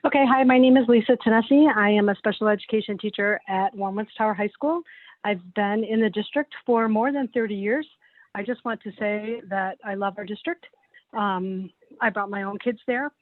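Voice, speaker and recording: A woman's voice: mid-range voice, normal speed, dry recording. A middle-aged woman, a special education teacher, giving an earnest, emotional public comment at a meeting, close to tears. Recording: tinny call-in line, dry.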